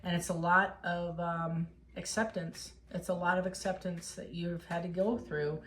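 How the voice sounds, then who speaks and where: A woman's voice: fairly low pitch, little pitch movement, moderate pace, slight background noise. A woman giving a casual tarot reading, talking straight to the viewer in an encouraging, emotional way. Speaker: tarot reader.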